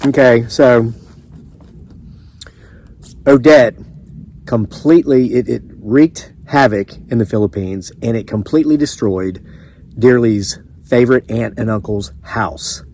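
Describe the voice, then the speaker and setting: Speaking a little slowly and pausing often, this Southern-accented man has a medium-pitched, slightly mellow voice. He's a homesteading vlogger from the American South, telling casual stories to camera in a chatty, wandering manner with many restarts and asides.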